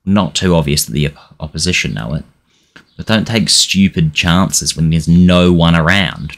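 Young male game streamer, low voice, narrates matches and loses his temper at the team. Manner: frustrated, swearing, shouting at his players. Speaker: gaming channel host. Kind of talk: let's-play commentary.

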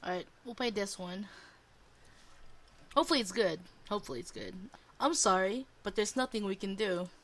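A young woman playing a game on video, excitable, swearing a lot and shrieking when startled. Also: mid-range voice, moderate pace, long pauses, background noise. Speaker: gamer. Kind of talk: let's play commentary. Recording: loud clicking throughout.

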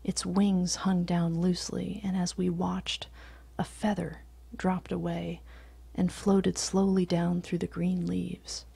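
A woman reading a short story aloud in a soft, often whispered voice, slow and steady. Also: lowish voice, creaky, breathy edge, dry recording.

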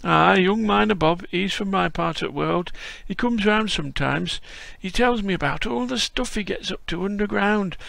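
A man putting on the voice of a very old, frail, friendly man with a Yorkshire accent, speaking in slow homely dialect. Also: high-pitched, creaky, fairly bright tone, dry recording, voice pushed up, heavily acted.

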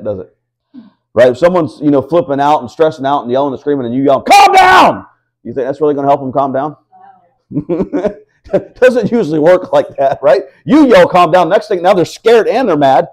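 A man's voice: on the high side, lively intonation, a little fast, dark tone. A man preaching a sermon to a house church, reading scripture aloud and asking the listeners rhetorical questions. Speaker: pastor.

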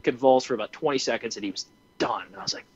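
A man in his twenties telling a hunting story in a casual way, animated and full of fillers. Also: medium pitch, very fast, breathy edge. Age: 20s. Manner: animated, acts out his own reactions, many fillers. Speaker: hunting program founder and podcast guest. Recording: dry, slightly dull lo-fi audio.

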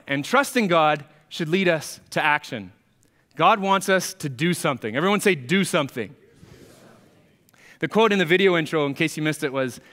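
A man's voice: fairly high pitch, a bit bright, in a large hall. A man preaching a sermon as a pastor, in a conversational, storytelling manner. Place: church sanctuary.

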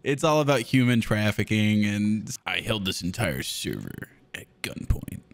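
A man's voice: on the low side, very animated, a little slow, vocal fry. A young man joking and swearing in casual gaming chat with friends. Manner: joking, loose, swearing banter.

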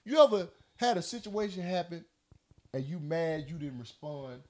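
Man, podcast host, casual storytelling, loud and expressive, wide-ranging pitch. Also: normal speed. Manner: loud, animated storytelling with profanity.

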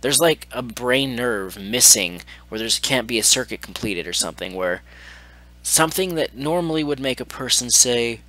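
A man's voice: mid-range voice, animated, normal speed, sharp tone. A man hosting a gaming video, reading messages aloud and ranting about them in a profane, exasperated tone. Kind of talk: angry commentary reading out messages.

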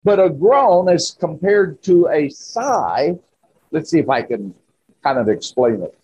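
Pastor, male; slow, husky sermon delivery, pitch climbing on emphasis. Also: very animated, darkish tone, highs cut off. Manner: slow, emphatic preaching with rising exclamations. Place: church.

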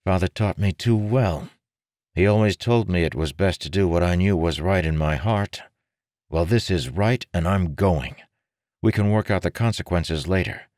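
A determined young nobleman with a firm, persuasive way of speaking, as a man reads him. The voice sits a little higher than the reader's own very deep tone, in a dry, close recording. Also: moderate pace, a little mellow, no echo, close to an everyday voice. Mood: resolute.

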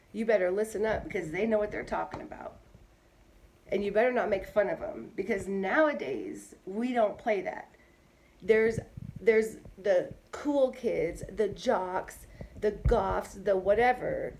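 A woman in her thirties, a mother who sounds hoarse from bronchitis, talking in a chatty, emphatic way and repeating herself in a casual monologue. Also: mid-range voice, a little mellow, a little hiss or hum, poor audio. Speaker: mother vlogging.

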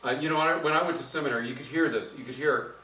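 Middle-aged pastor preaching in an echoey church. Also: male voice, a little high, racing, distant mic. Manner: conversational, animated, gets louder when preaching. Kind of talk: sermon. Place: church sanctuary.

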